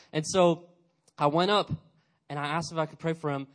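A young man in his twenties giving a casual, energetic youth sermon, chatty and full of fillers, acting out little quotes. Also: a little high, fast talker. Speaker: youth pastor.

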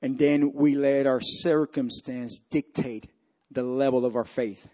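A man preaching a sermon as pastor, swinging from loud, rising peaks to hushed, quiet lines. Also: mid-range voice, fairly even intonation, a little slow.

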